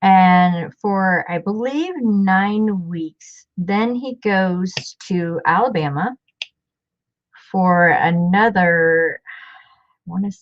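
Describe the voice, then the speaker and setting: Low-voiced woman chatting while crafting. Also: drawn-out words, highs cut off, slight background noise. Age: middle-aged. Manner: chatty, rambling, many fillers. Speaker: crafting vlogger. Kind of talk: casual crafting chat.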